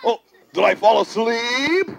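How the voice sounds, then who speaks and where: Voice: medium pitch, animated, creaky, shouting. A puppeteer doing a drowsy, apologetic zoo animal. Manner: slow, drowsy, keeps dozing off and apologizing. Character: sleepy, apologetic zoo animal kept awake all night. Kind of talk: live puppet show. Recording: noisy live room with children's crowd.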